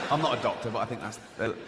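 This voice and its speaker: A man's voice: lowish voice, background noise. A middle-aged English man with a mocking, conversational manner, delivering a stand-up routine with frequent stammered restarts. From England. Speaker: stand-up comedian. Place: large theatre stage. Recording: live hall with loud crowd. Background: loud audience laughter.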